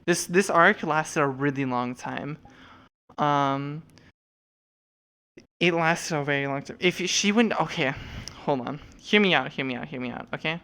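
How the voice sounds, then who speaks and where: Young woman streamer, casual rambling chat, low voice, smooth tone, swears freely. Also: measured pace, long pauses, a bit bright. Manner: rambling, lots of fillers and profanity. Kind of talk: casual chat while showing avatars.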